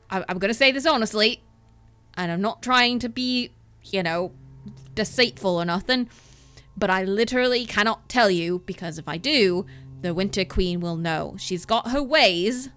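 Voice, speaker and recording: Woman putting on a rough-talking ogre jailer, blunt and goading, sharp bright voice. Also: mid-range voice. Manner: rough, coarse speech with "oi" and "lad". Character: gruff male ogre guard, taunting and blunt.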